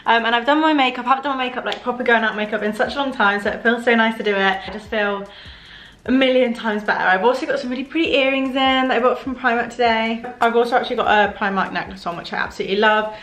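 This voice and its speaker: A woman's voice: fairly high pitch, fast talker, a bit bright. A young woman, chatting casually and self-mockingly as she gets ready on camera. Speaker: beauty vlogger. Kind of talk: casual vlog chat. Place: home bedroom at a mirror. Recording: echoey room.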